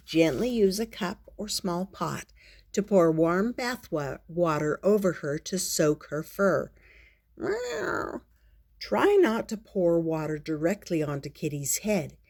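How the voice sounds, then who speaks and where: Playing a storytelling grandmother, an older woman reads a children's picture book aloud, unhurried and expressive, tossing in playful asides. Her pitch is fairly low.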